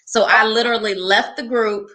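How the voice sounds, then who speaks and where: A woman's voice: a little high, normal speed. A woman from Texas, in her thirties, co-hosting a podcast and telling a story in casual chat, acting out the voices of the people in it. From Texas, USA. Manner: animated, acts out voices in her stories. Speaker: podcast co-host.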